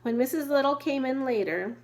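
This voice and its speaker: A woman reading a children's book aloud at a steady pace, now and then restarting a word. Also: high-pitched, fairly quick, low-quality recording. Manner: steady reading with occasional restarts over words. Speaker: reader.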